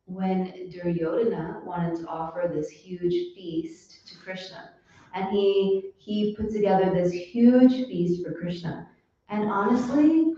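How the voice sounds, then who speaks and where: A woman's voice: mid-range voice, mellow. A woman giving a casual devotional lecture, telling stories in a chatty way full of fillers, in a temple hall. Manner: chatty, lots of fillers, storytelling. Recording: echoey hall, distant mic, dull sound.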